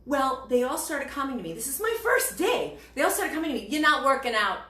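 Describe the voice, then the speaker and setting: A woman's voice: high voice, very animated, fairly quick, a bit bright. A woman from Ohio telling chatty, self-mocking stories between songs at a home concert, recorded on a camera set above her. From Shadyside, Ohio, USA. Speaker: cabaret singer. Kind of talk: cabaret patter. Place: home room. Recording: roomy home room with faint music.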